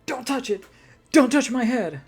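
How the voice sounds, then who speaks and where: A man's voice: high voice, unhurried, faint music behind, pitched above the performer's own voice. A man voicing a touchy middle-aged man who hides a wig, stammering and bursting out defensively. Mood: panicked. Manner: flustered, stammering, defensive outbursts.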